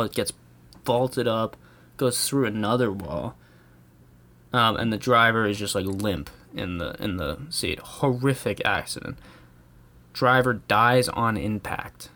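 A rambling American man rants in a loose, comedic way, swearing freely and chuckling at his own points. His voice sits on the low side for a man. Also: fairly bright tone. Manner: rambling, profane, chuckling, with many fillers. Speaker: vlogger. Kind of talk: casual comedic rant.

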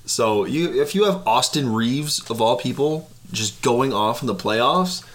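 A man's voice: medium pitch, a little slow, crowd noise. Rambling young man co-hosting. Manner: rambling, laughs often, trails off mid-sentence. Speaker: podcast co-host. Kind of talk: casual sports chat.

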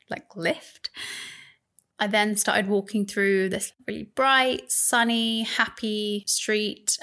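A woman's voice: medium pitch, fairly bright tone. A woman hosting a podcast, candidly telling a personal story in a chatty way and laughing now and then. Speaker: podcast host.

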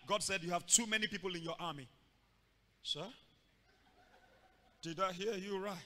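Male pastor, high bright voice, theatrical sermon delivery with shouted bursts. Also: brisk, long pauses. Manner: dramatic, acting out scenes with shouts and sudden loud bursts. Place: church hall. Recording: long reverb of a large hall.

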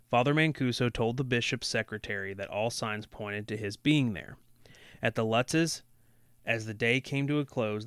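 Brief: snarky male podcast reader, mid pitch, close and dry. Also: a bit bright, clear, resonant tone, no room sound. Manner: sarcastic, swears freely. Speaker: podcast co-host reading a book aloud. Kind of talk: casual reading with snarky asides.

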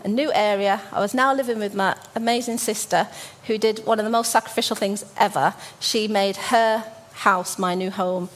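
A woman in her forties from Birmingham, giving a church sermon as a story, with frequent ums and restarts. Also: medium pitch. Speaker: church speaker.

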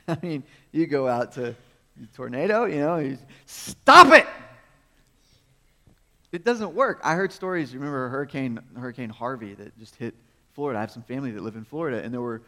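A fast-talking man with an animated, mid-range voice preaches in a storytelling, conversational manner. He often chuckles and asks rhetorical questions, his words ringing with the long reverb of a large hall.

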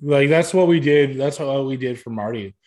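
A man's voice: medium pitch, moderate pace, darkish tone. A man hosting a casual chat, joking and giving short replies.

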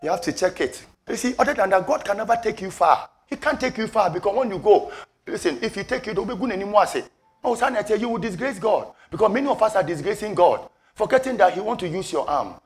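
Soft music plays behind a male preacher who delivers his sermon fast and with great animation. Full of passion, he drives his points home through repetition, rising from quiet murmurs to shouts.

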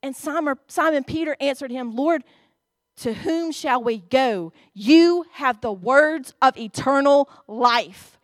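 High-voiced woman preaching. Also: slow, no room sound, studio quality. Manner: expressive, reads scripture aloud and addresses the congregation. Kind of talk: sermon. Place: church.

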